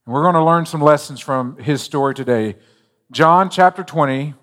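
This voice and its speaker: A man preaching to his church in an easy, storytelling voice, a little higher than most men's. He jokes and asides between points. The sound carries a long reverb from a large hall. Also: moderate pace, a bit bright. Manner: conversational, joking storyteller. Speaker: pastor. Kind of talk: sermon.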